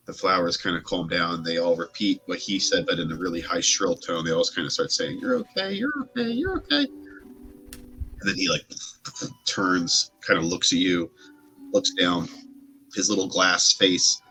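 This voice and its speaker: Low, bright-voiced male game master. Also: little pitch movement, normal speed, faint music behind. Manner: meandering descriptive narration with many fillers. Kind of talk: narrating a tabletop game.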